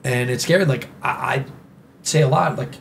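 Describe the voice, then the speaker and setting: A man's voice: medium pitch, normal speed, creaky, slight background noise. New York-accented man, rambling and emphatic. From New York City. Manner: rambling and emphatic, with many "you know" and "like" fillers. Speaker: podcast guest. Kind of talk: casual interview conversation.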